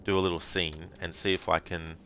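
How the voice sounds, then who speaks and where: Low-voiced Australian streamer. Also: male voice, flat delivery, a little fast, sharp tone, a little hiss or hum. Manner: rambling, full of fillers. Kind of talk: casual chat with stream viewers.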